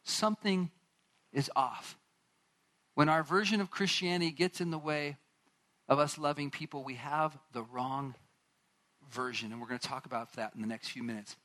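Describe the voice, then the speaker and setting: A man preaching a sermon, retelling a Bible story with animated asides and acted-out lines from its characters. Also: on the high side, normal speed, long pauses. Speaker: pastor.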